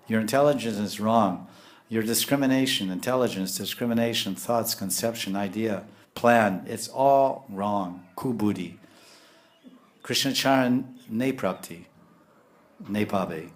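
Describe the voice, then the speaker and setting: Low-voiced man giving a lively sermon. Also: measured pace. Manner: animated, lapses into scolding voices when quoting; frequent chuckles and restarts. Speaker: spiritual teacher.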